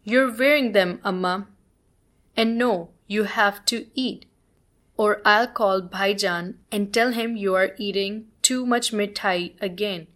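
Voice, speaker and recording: A woman's voice: mid-range voice, slow, a bit bright. A woman reading the part of a busy mother who fusses and scolds. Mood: fussing. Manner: fussing.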